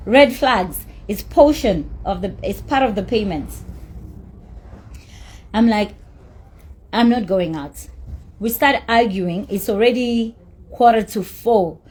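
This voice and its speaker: Husky, heated woman ranting. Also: medium pitch, slow pace, pauses often, darkish tone. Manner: heated, emphatic, swearing. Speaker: celebrity recounting a dispute. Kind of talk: angry rant.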